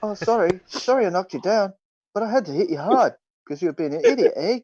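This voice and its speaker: Someone doing a jokey Canadian bloke in a mock accent, all apologies and tacked-on "eh"s, with a lively up-and-down delivery. The voice is husky and sits dry and dull on a lo-fi line. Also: medium pitch, fairly quick, dry recording. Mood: mock apologetic. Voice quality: apologetic, ends lines with "eh".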